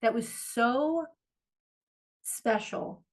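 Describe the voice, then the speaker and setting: A woman's voice: fairly high pitch, extremely slow. A woman co-hosting a podcast, chatting casually and animatedly, gushing and swearing freely. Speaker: podcast co-host. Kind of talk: casual chat.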